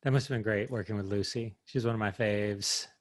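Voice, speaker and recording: A man with a fairly low voice hosts a casual podcast interview. He answers the guest with short, upbeat reactions and easy questions. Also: steady tone, fairly quick. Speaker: podcast host.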